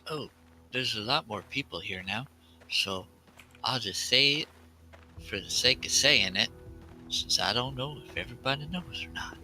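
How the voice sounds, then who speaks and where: A man chatting with other players on a live game stream, calmly explaining things to the group. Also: mid-range voice, normal speed, long pauses, faint music behind, low-quality recording. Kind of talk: casual chat among players.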